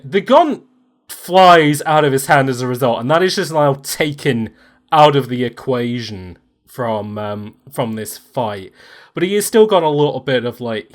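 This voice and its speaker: A man narrating as game master of a tabletop game, talking in a lively, animated way. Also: medium pitch.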